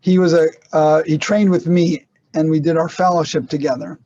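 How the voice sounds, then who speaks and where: Lecturing man, mellow lo-fi voice. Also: a little high, fairly even intonation, normal speed. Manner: conversational, many restarts and rhetorical questions. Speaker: lecturer on medical ethics. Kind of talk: casual online class lecture.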